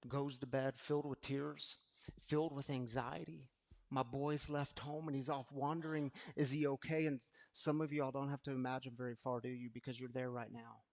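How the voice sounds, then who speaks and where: A man preaching a recovery sermon, swinging between hushed, intimate talk and loud, passionate preaching, with casual phrasing like "y'all". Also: on the high side. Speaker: recovery community speaker.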